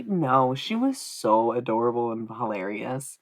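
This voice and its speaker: Low-voiced lady streamer rambling through a funny story, laughing and cussing, dry close mic. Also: moderate pace, no echo. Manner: animated, laughing, swearing, acts out quotes in high voices. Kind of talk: casual storytelling chat.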